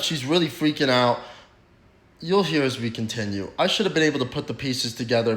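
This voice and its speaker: A man's voice: medium pitch, a bit bright. A young man casually telling a rambling, profane personal story in slangy talk. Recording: roomy echo.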